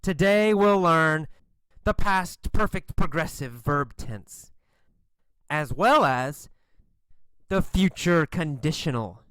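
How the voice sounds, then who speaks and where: Male reader voicing a storybook villain teacher: stern, threatening, slow and dry. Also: on the high side, lively intonation, fairly bright tone, clean tone, dry recording. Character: cruel adult male English teacher.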